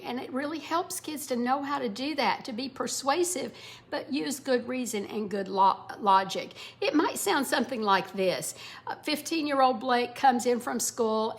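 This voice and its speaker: Middle-aged woman, former teacher, parenting lesson, raised pitch. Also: a little slow. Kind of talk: instructional talk to parents.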